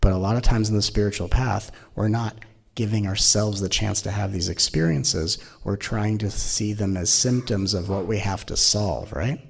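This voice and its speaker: A man with a lowish, slightly rough voice with vocal fry speaks at a normal speed in a spiritual teaching talk. He's playful and rhetorical, asking his listeners many questions and acting out mock inner voices.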